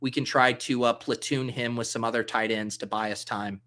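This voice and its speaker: A man's voice: mid-range voice, steady tone, normal speed, a bit bright. A man hosting a casual livestream, thinking aloud as he drafts and answering chat comments in a loose, joking way. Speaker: livestream host drafting fantasy football.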